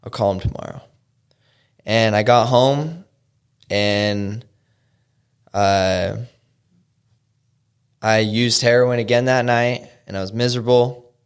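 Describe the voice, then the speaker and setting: A young man from Utah telling his recovery story as a guest, halting with frequent fillers and restarts. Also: medium pitch, fairly even intonation, clean tone. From Utah, USA. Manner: halting, lots of "you know" and "um", restarts. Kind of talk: personal storytelling in an interview.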